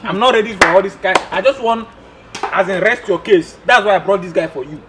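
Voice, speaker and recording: A man's voice: high-pitched, a little fast, heavy background noise. A man playing an exasperated matchmaker who keeps pleading in a comedy skit. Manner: pleading and exasperated, repeats himself.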